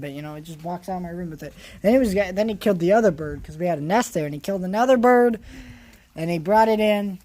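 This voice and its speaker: A man's voice: high-pitched, darkish tone. Rambling vlogger man. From California. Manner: rambling, full of restarts and fillers. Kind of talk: rambling casual monologue.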